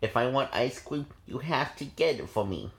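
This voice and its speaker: A man's voice: mid-range voice, animated, normal speed, creaky. Dude doing a bratty creepy little girl, whiny and demanding, pretty close to his own voice.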